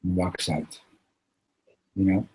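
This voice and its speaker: A man teaching a Torah class, telling stories in an animated way, acting out the characters and sprinkling in Yiddish and Hebrew words. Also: sits low, slow, breathy edge, rough recording.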